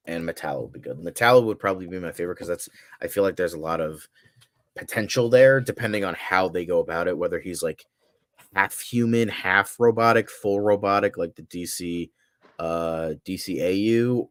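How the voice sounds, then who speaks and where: A man's voice: low-pitched, dry recording. A man co-hosting a daily fan news show, chatting bluntly, swearing freely and ranting with energy. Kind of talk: casual podcast chat.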